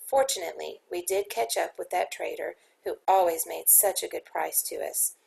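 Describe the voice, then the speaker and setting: A woman reader voicing a man telling a dramatic ghost story by the fire, with a low, gravelly tone. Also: steady tone, moderate pace, a little mellow, poor audio. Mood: teasing. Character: old man storyteller spinning a ghost tale.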